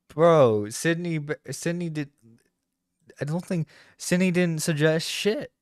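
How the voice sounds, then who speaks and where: A man's voice: fairly high pitch, takes it slowly, long pauses, dry recording, studio quality. A man streaming a reaction to a video, swearing and exasperated, stumbling over his words. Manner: profane, exasperated, stammering. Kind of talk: reaction commentary. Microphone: close streaming mic.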